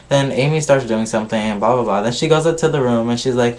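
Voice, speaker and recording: A man chats through a reality show episode in a loose, gossipy way, swearing freely and skipping parts with filler. His voice sits at an ordinary middle pitch. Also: fairly even intonation, fairly quick, hardly any pauses, darkish tone. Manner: gossipy, swears a lot, skips ahead with "blah, blah, blah". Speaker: vlogger reviewing a reality show. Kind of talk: casual recap.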